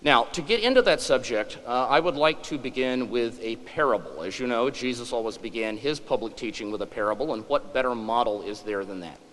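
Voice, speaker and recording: Man in his forties, lecturer, wry humor, lively pitch, long hall reverb. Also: a little fast, hardly any pauses. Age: 40s. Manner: wry, self-deprecating.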